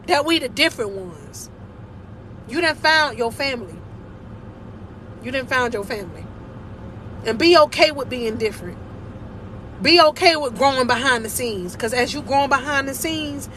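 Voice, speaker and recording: Woman life coach preaching hard, high sharp voice, faint car noise behind. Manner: emphatic, preachy, laughs often. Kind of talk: motivational faith talk.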